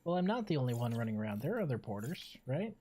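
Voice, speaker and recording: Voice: medium pitch, very animated, quick pace, warm tone, husky. A streamer giving casual, joking commentary while playing, chatting along and talking to a pet.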